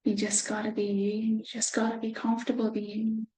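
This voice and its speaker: A woman reading a picture book aloud to children, gentle, with soft whispered asides. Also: a little high, monotone, a little fast, reverberant, poor audio. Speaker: children's storyteller.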